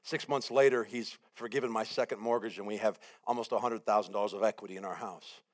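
A man preaching a sermon as guest speaker, telling a story with lively acted-out quotes and building repeated phrases. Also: lowish voice, quick pace. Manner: animated storytelling, acts out his own panic and quotes.

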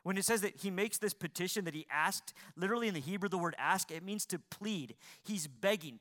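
A man preaching a sermon to a congregation, asking them questions and repeating lines for emphasis, swinging between loud emphasis and quiet pleading. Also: high-pitched, a little fast, hardly any pauses. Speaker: pastor.

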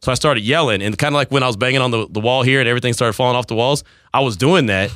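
A man's voice: medium pitch, rapid-fire, a bit bright, dry recording, clean studio sound. A man hosting a radio show, telling a rambling story in casual banter and laughing at himself.

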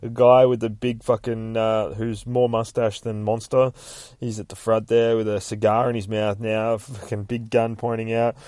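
A man's voice: fairly low pitch, level tone, normal speed, a little mellow, no room sound. A man casually recapping a comic book in a rambling, heavily profane way. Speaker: podcast host recapping a comic.

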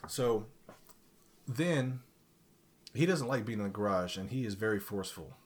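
A man casually telling a profane, animated story in a chat, laughing along as he goes. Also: on the low side, normal speed.

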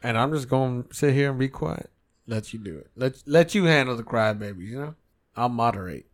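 Profane, animated podcast host man. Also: medium pitch, fairly quick. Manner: profane, animated, mocking impressions. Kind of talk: casual chat.

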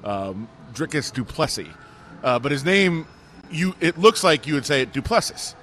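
A man's voice: a little high, moderate pace, slight background noise. Giddy, laughing sports radio man. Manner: excitable, laughs often, storytelling. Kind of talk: casual sports talk.

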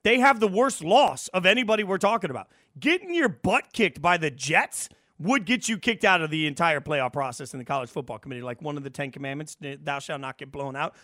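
A man hosting a sports talk radio show. He sounds animated and opinionated, happily stirring up debate. His voice is high and bright, recorded dry in a studio. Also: a little fast, few pauses, no room sound. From Las Vegas.

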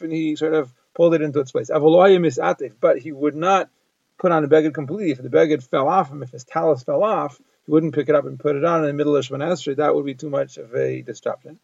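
A man's voice: a little high, steady tone, fast talker, creaky, darkish tone, dry recording. A man giving a daily Talmud lesson, translating phrase by phrase in an explanatory manner. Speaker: Talmud teacher. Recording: dull lo-fi dry recording.

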